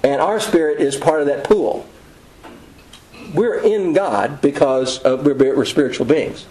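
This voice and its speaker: Male preacher, slightly raised pitch, folksy conversational sermon delivery. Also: darkish tone, rough recording. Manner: conversational, folksy storytelling with quick asides.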